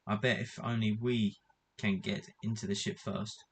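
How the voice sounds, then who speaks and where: A man reading a storybook aloud, voicing a calm, sensible eldest boy who speaks in a steady, assured way. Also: lowish voice, normal speed, breathy edge.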